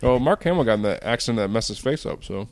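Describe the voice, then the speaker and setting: A man co-hosting a podcast, talking in quick, indignant bursts of casual banter. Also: mid-range voice, expressive. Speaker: podcast co-host.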